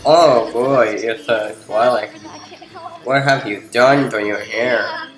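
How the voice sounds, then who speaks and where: A man commenting casually over a game, joking and mumbling, with a slow, unhurried delivery. He sounds like he is in an echoey room. Faint music plays behind him. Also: medium pitch. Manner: mumbling, joking, many fillers. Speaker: let's play host.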